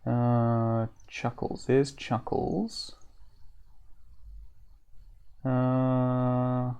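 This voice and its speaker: A man streaming a classic role-playing game, casually thinking aloud with frequent pauses and fillers. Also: mid-range voice, flat delivery, creaky, warm tone, clean tone. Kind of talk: live-stream gameplay commentary.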